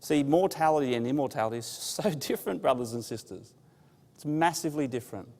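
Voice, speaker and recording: A man's voice: medium pitch, fast talker, darkish tone. A man giving a bible class, telling stories with humor and asking the audience questions. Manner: conversational storytelling with humor. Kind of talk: informal bible class talk. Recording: long hall reverb.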